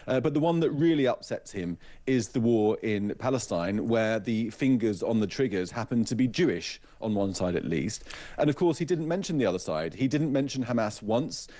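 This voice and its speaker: Man, author guest, radio interview, fairly low voice, mellow tone, measured, pointed, dryly scornful. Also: animated.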